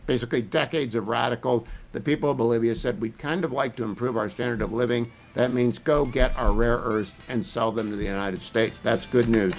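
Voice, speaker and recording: A man's voice: medium pitch, steady tone, a little fast, hardly any pauses, soft background music. A man hosting a political talk radio show, emphatic and opinionated, firing off questions to his guests.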